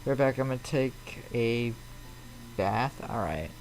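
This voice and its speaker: With lively intonation and a slow pace, the man's mid-range voice comes through over slight background noise. He's streaming a flight simulator from home, loosely chatting and responding out loud to viewer messages as they arrive.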